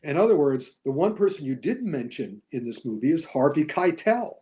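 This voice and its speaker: A man chatting as a guest on a movie discussion show, animated and chuckling as he tells his opinions. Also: a little high, normal speed. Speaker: guest film critic and author.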